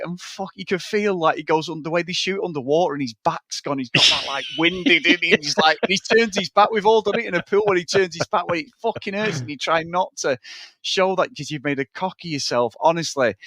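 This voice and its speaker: A man on a podcast, gushing about a film he loves in long, tangled runs, dropping swear words everywhere. His voice sits a touch high for a man and sounds close and dry, with no room around it. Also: fairly quick, pushed and bright, no room sound. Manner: profane, rambling, enthusiastic. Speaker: podcast co-host. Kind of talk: casual film review chat.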